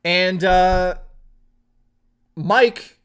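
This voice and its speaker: Bright-voiced man telling a crude story. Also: high voice, drawn-out words, clean tone. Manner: crude, rambling anecdote with many filler words; stops mid-story to thank viewers for memberships. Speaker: live streamer. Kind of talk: casual storytelling on a live stream.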